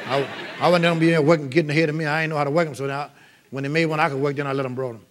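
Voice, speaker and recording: A man's voice: fairly high pitch, fairly even intonation, rapid-fire, noisy background. A man preaching a revival sermon, emphatic and calling out to the congregation. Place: church revival service.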